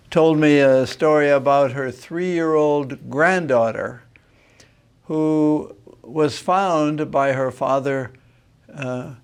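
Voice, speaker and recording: A man, a Jesuit priest, giving a reflective teaching talk on marriage, thoughtful and unhurried, pausing to find his words. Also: mid-range voice, creaky, clean tone. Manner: unhurried, thoughtful, pauses with filler sounds. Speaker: Jesuit priest and retreat master.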